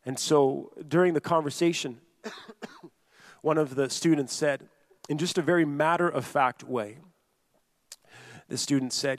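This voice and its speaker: A man's voice: on the high side, unhurried, pauses often, no room sound, studio quality. A man preaching a sermon, earnest and repetitive, often restating a point and speaking straight to the listeners. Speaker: pastor.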